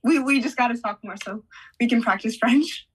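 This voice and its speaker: Friendly young woman interviewer, higher voice. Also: moderate pace, husky, poor audio. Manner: friendly, agreeable, giggly. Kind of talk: casual interview chat.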